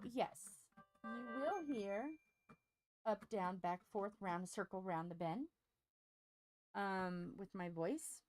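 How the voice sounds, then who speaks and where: A woman hosting a crafting channel in casual chat, frank and rambling, her strained, scratchy voice dipping up and down and turning squeaky. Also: gravelly, dark tone, no room sound. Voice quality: voice dips up and down in pitch, turns squeaky. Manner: frank, rambling, self-deprecating.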